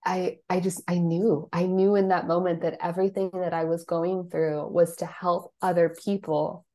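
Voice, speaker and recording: A woman in her thirties, a guest on an interview show, telling her life story in a casual, animated way, acting out quotes with lively voices. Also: on the low side, moderate pace. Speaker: guest, psychic and life coach.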